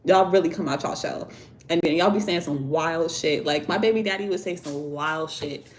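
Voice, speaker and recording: A woman's voice: low-pitched, normal speed, a little hiss or hum. A young woman hosting a casual livestream on her phone, chatty, candid and slangy, laughing often. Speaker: livestream host, tarot and oracle deck creator. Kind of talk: casual livestream chat reading viewer comments.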